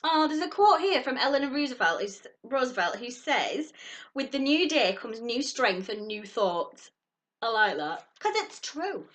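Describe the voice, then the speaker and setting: A high, bright woman chats excitedly to camera while unboxing a subscription box. Her pitch leaps all over the place and she gushes at each new item. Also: measured pace. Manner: gushing and excitable, squeals at surprises. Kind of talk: casual unboxing chat to camera.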